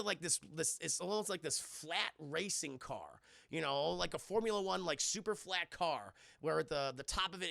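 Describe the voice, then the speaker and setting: A man talks through a film for his live chat in a loose, animated way, swearing freely. His voice sits a little high, with a bright, forceful edge and plenty of gravelly fry. The sound is close and dry, with no room echo. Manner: animated and profane, acts out lines in funny voices. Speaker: streamer reviewing a film with chat. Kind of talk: casual scene-by-scene spoiler recap.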